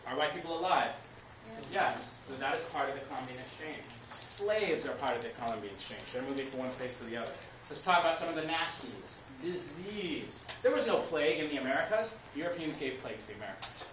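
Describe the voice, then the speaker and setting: A man's voice: a little high, a little fast. Man lecturing a class from across an echoey room. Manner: lively, asks the class questions and answers them himself. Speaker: history teacher. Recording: echoey classroom recorded from far off, noisy.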